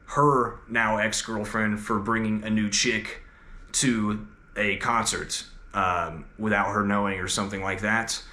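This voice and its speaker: A man's voice: fairly low pitch, pushed and bright. A man in his twenties telling a story in a casual, rambling way, full of filler words. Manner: laid-back, rambling, heavy filler words. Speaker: host. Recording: roomy echo.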